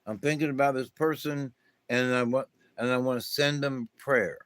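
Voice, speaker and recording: A man's voice: medium pitch, fairly even intonation, normal speed, a bit bright, dry recording. A middle-aged man giving a meandering spiritual monologue, with many fillers and restarts. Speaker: spiritual talk host. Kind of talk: rambling casual monologue.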